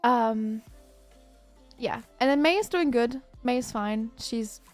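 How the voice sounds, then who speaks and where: A woman's voice: a little high, takes it slowly, a little mellow, faint music behind. A woman livestreamer chatting casually, telling a rambling story with lots of fillers and restarts.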